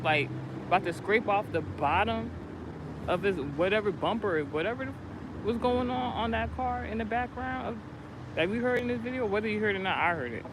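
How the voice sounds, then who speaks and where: Outdoors near a street with cars passing, a vlogger with a high voice tells a rambling, animated story for a casual spiritual vlog, restarting many times, with background noise in the recording.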